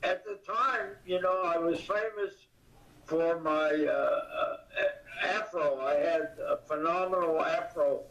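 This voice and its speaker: An older man, a comedian guest in an interview, talking in a halting way with many pauses and fillers, recorded from a distance. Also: on the high side, fairly bright tone. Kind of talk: casual interview. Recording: distant, echoey, dull audio.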